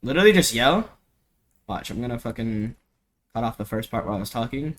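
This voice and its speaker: A man's voice: mid-range voice, expressive, fairly quick. A young man giving a casual, rambling music production tutorial at home, full of slang, fillers and swearing, into a cheap desk mic. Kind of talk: casual screen-recorded tutorial.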